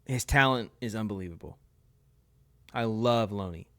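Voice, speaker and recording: A young man with a low, smooth voice talks in a casual commentary style. He hands out blunt, opinionated verdicts one after another, quickly and without hedging. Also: sharp tone. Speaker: tier list video host.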